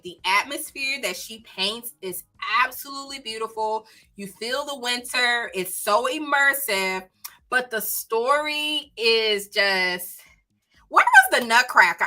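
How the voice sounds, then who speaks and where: A woman with a Southern country accent chatting casually on her book livestream, animated and exclaiming. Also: on the high side. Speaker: book channel host.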